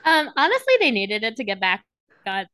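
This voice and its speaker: Upbeat woman co-host with allergies, bouncy higher voice, casual chat. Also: sing-song, a little fast, pushed and bright, no echo. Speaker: podcast co-host. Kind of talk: casual chat about an anime.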